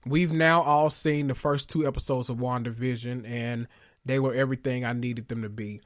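A young man hosting a podcast, rambling in an excitable, gushing way and swearing freely as he corrects himself mid-thought. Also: mid-range voice, a little fast. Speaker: podcast host. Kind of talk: casual podcast rant.

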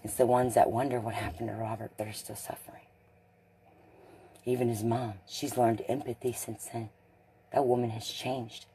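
A man giving a blunt, profane, emotional monologue addressed to others, swinging between loud and hushed. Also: medium pitch, level tone, moderate pace, slight background noise. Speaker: speaker in a recorded video message.

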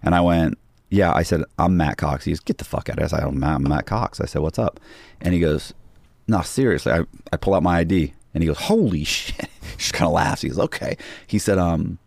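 Speaking low and brisk, with a creaky, darkish tone and no echo, this middle-aged podcast guest rambles through a casual story, restarting often and acting out what other people said.

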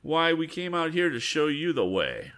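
A man's voice: mid-range voice, huge pitch swings, fairly quick, sharp tone, pitched above the performer's own voice, exaggerated voice. A man voicing an eager, confident young male inventor in a storybook reading, with a raised boyish voice.

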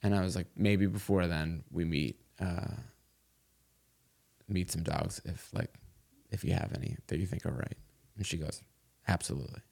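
A man's voice: low-pitched, normal speed, gravelly, pauses often, a little mellow. A middle-aged man chatting casually as a podcast guest, telling a long story with many fillers and restarts. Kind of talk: casual chat.

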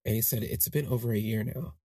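A man hosting a podcast, telling a personal story in a casual monologue and acting out the people in it with big jumps in pitch. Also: brisk, husky, no room sound, clean studio sound. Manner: animated, acts out quoted voices with big pitch jumps. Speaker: podcast host.

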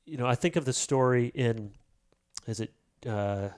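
A man as an interview guest, talking about prayer in a lively storytelling way and acting out quoted lines. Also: medium pitch, normal speed, smooth. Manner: animated storyteller, acts out quotes. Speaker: author and pastor guest. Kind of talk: casual interview talk.

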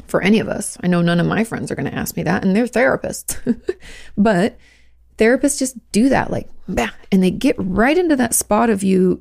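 Speaking at a medium pitch with a steady gravelly fry, a therapist hosting a podcast gives frank, casual advice. Her delivery is loose and conversational, sprinkled with plenty of "like."

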